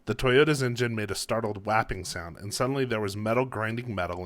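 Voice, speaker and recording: Low-voiced man reading his own fiction. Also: fast talker, few pauses, fairly bright tone, no echo. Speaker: author.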